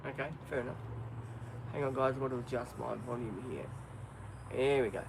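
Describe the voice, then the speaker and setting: An Australian man with a gravelly, creaky voice hosts a casual live stream, rambling easily and filling gaps with ums. Insects buzz clearly around him outdoors. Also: mid-range voice, brisk, background noise. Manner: rambling, easygoing, many ums. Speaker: livestream host.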